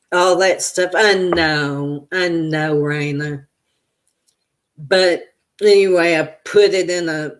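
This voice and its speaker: Casting: woman tarot reader on a livestream, slow and unhurried, chatty, answers viewer comments and wanders into stories. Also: on the low side. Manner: slow, meandering storytelling. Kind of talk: casual livestream chat.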